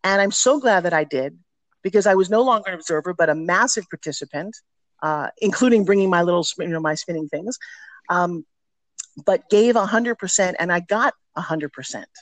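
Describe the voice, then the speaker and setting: A woman's voice: fairly low pitch, a little fast, dry recording. A middle-aged woman telling candid stories as a podcast guest, talking with energy and emphasis. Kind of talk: podcast interview storytelling.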